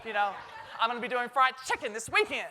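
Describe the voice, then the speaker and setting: A woman's voice: fairly high pitch, very animated, quick pace, pushed and bright, a little hiss or hum. A middle-aged woman with a Southern American accent, giving a chatty, joking cooking demonstration to a live audience. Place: stage kitchen before a live audience.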